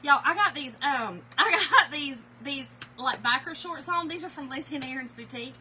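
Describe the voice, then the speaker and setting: A woman's voice: high voice, animated, normal speed, bright, forceful tone, a little hiss or hum, low-quality recording. A middle-aged woman chatting animatedly with viewers on a live stream, laughing often. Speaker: small business owner hosting a live stream. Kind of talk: casual live-stream chat.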